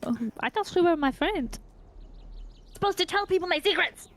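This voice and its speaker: A melodramatic young scout girl with a put-on French accent, as a woman plays her, her voice high and swooping. She stumbles over words, then flares up as if betrayed. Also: lively intonation, normal speed. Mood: offended. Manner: hesitant, overly dramatic.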